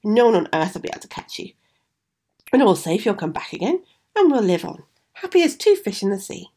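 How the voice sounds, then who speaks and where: A well-off father brushes aside his son's worries, read by a woman telling a storybook tale. The voice is gravelly and husky. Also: medium pitch, very animated, fairly quick, warm tone. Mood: reassuring. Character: prosperous older father, breezy and dismissive.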